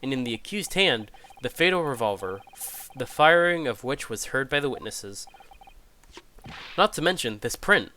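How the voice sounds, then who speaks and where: A man's voice: mid-range voice, animated, normal speed, bright, forceful tone, slight background noise. A man voicing a formal older judge presiding over a court, with stately courtroom phrasing.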